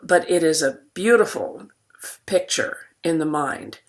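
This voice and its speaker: Slow, low-voiced woman teacher, voice going. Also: lively intonation. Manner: slow, deliberate poetry reading with pauses. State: losing her voice, clearing her throat. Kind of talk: recorded classroom lecture.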